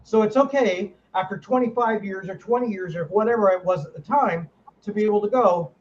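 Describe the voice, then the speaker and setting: A man's voice: high-pitched, brisk. A middle-aged man hosting a paranormal panel over a video call, talking in a blunt, rambling way and often correcting himself. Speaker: host, paranormal investigator. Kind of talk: casual panel chat. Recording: dull lo-fi audio with faint hiss.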